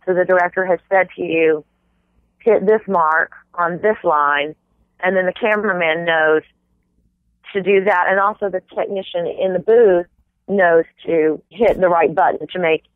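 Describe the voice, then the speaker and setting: A woman from the American South, a stage actress chatting casually as an interview guest, animated and quick to slip into little accent demonstrations. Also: lowish voice, dry recording. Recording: tinny phone-like dry sound.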